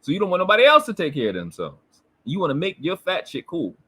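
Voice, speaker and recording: Husky, animated man mocking and heckling. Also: fairly high pitch, fast. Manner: combative, mocking and profane. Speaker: commentary channel host. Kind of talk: reacting to a replayed livestream clip.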